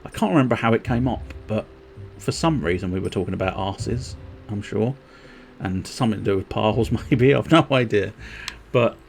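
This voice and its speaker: A man's voice: lowish voice, animated, moderate pace, gravelly, darkish tone, slight background noise. A man streaming a game, rambling and mocking himself in casual chat. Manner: rambling, self-mocking, giggly.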